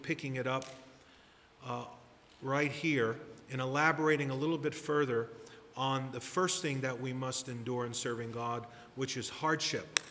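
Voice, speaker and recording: A man's voice: medium pitch, a bit bright, slight background noise. Emphatic preaching man in a reverberant hall. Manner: deliberate, emphatic preaching with measured pauses. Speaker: pastor. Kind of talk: sermon.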